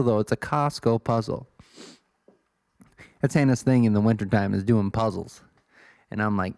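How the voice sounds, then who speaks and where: A man's voice: lowish voice, normal speed, vocal fry, long pauses, a little mellow, no echo, clean studio sound. A man in his twenties from Illinois, hosting a solo podcast in a rambling, self-deprecating way. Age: 20s. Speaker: podcast host.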